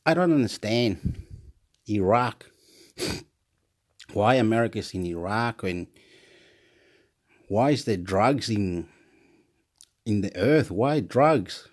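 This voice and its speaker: A man delivering a rambling solo monologue, jumping between puzzled questions and bursts of high scat singing. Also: animated, slow pace, long pauses.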